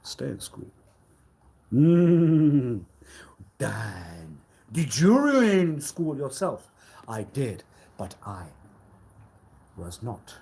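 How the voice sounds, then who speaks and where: A man delivers a slow, drawn-out mock lecture on a livestream, repeating his scolding lines like a preacher. His voice has a gravelly fry, and he swings from booming declarations down to hushed murmurs. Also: huge pitch swings. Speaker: livestream host.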